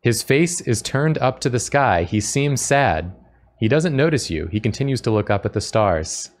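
A man's voice: medium pitch, big pitch swings, moderate pace. A man co-hosting a stream in casual chat, reading a text adventure's story aloud with frequent chuckles. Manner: amused, chuckles often while reading. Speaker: stream co-host.

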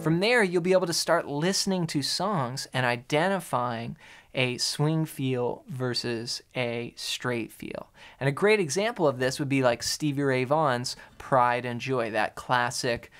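A man's voice: mid-range voice, a little slow, a bit bright, clear, resonant tone. A man teaching an online guitar lesson, explaining rhythm and counting beats aloud while he plays. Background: guitar playing.

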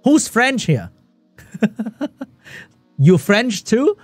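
Guy streaming esports commentary, super animated up and down voice, laughs a lot, dry sound. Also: a little high, unhurried, no echo, faint music behind. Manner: excitable, laughs often, chats with viewers. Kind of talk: live game commentary while reading chat.

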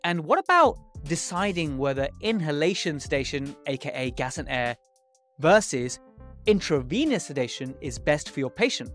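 A male dentist hosts his own podcast with an earnest, explanatory manner, now and then slowing down to stress a word. His voice sits a little higher than most men's. Soft music runs faintly underneath. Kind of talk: scripted podcast intro and interview.

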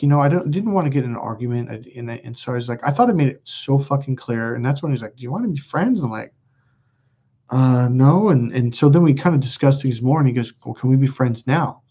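A man's voice: mid-range voice, slightly rough, muffled recording. A man hosting a casual live stream, telling a story with lots of profanity and acted-out dialogue. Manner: animated, profane, reenacts dialogue. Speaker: self-help video host.

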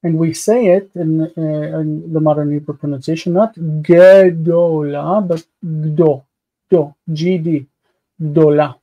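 A man's voice: a little high, fairly even intonation, a little slow, lo-fi sound. A man hosting a live online class, patiently explaining grammar and pronunciation step by step. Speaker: host teaching biblical Hebrew grammar.

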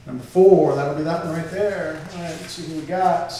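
A man's voice: a little high, steady tone, normal speed, mellow, a little hiss or hum. A man hosting a live storytelling event, chatty with joking asides to the audience. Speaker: event host. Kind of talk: stage hosting. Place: stage before a live audience. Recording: echoey hall from far off.

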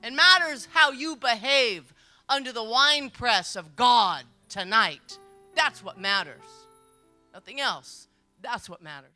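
A middle-aged woman preaches at a church service in a high, forceful voice. She tells stories with emphasis, repeats her key lines and laughs along with the crowd. Soft music plays faintly behind her. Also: expressive, a little slow. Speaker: pastor. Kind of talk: sermon.

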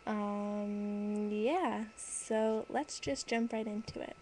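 A woman's voice: medium pitch, steady tone, a little mellow, slight background noise, poor audio. A woman chatting casually to her webcam, laughing at herself as she reads out words. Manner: giggly, self-deprecating, slow and deliberate. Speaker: vlogger. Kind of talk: casual webcam vlog, reading a word list.

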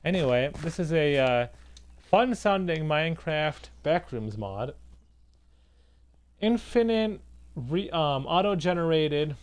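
A man's voice: fairly high pitch, animated, takes it slowly, long pauses, clean tone. A man hosting a gaming video, talking through the game with lots of startled exclamations. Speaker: gaming channel host. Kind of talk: casual gameplay commentary.

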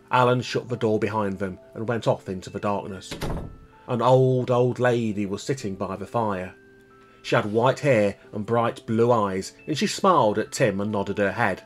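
Brief: calm male reader of a children's story, mid pitch, measured delivery, faint music behind. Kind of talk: reading a children's book aloud.

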